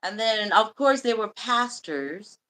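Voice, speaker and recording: Live host, female: bright, hard-edged voice, swears freely, candid halting storytelling. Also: fairly high pitch, animated, poor audio. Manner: blunt and profane; emotional, halting confession. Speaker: livestream host.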